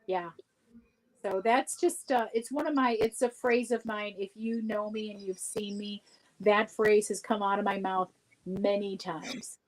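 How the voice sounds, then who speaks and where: Woman guest, casual livestream storyteller, laughs often, animated. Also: medium pitch, a little slow, rough recording.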